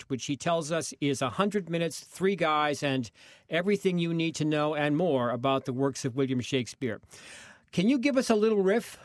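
A man's voice: on the high side, no echo. A man hosting a radio arts segment, chatting and joking with guests. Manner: jokey, chatty. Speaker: radio host. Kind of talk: casual radio interview.

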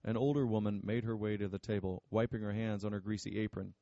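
A man narrating an audiobook in a steady, measured way. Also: on the low side, no echo, highs cut off.

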